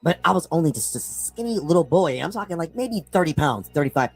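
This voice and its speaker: Emotional man in his fifties, husky and fast, confessional livestream monologue, near crying. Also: fairly high pitch, big pitch swings, no room sound, soft background music. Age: 50s. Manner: rambling, repeats "man", breaks into tearful outbursts. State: close to crying. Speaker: streamer on a clipped livestream.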